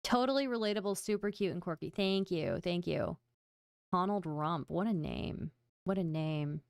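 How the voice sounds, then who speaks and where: A woman's voice: fairly low pitch, big pitch swings, moderate pace, gravelly, clean tone, no echo, clean studio sound. A woman hosting a livestream, chatting casually and playfully with her viewers in a self-mocking way. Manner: playful, self-mocking, talks straight to chat. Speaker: livestream host. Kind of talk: casual stream chat to viewers.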